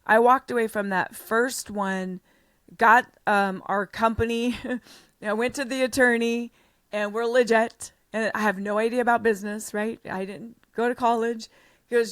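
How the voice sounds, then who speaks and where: A middle-aged American woman, a podcast guest, telling her story in a blunt, animated way with the odd swear word. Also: on the high side, normal speed, clear, resonant tone, no echo, studio quality. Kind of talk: storytelling in an interview.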